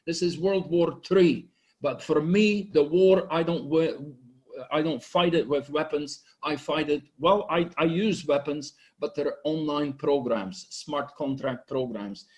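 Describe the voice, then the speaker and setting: Intense, swearing man giving a pitch. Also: a little mellow. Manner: intense, blunt, swearing, preachy. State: emotional, sniffling. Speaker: online group host. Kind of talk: impassioned motivational pitch. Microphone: online conference microphone.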